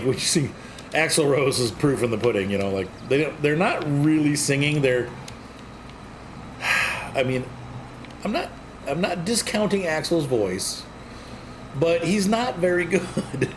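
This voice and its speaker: A man's voice: fairly high pitch, very animated, a little slow, pauses often. Guy casually chatting while farming in a game, laughs a lot, engine noise all over the track. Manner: rambling, chatty, laughs often. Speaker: gameplay streamer. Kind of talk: casual gameplay commentary. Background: farm vehicle noise from the game.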